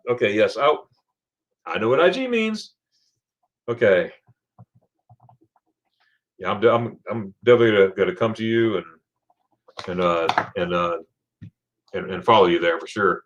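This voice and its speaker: A man's voice: on the low side, lively intonation, moderate pace, pauses often, a bit bright, lo-fi sound, slight background noise. Guy hosting a livestream, chatty and laughy, reading out comments as he goes. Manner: chatty, laughs often, reads viewer comments aloud. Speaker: livestream host.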